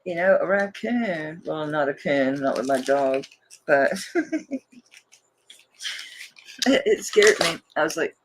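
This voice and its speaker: Showing jewelry on a live-stream auction, a woman chats and rambles casually, laughing a lot. Her low voice has lively intonation but moves slowly with long pauses, and there's a little hiss or hum in the audio.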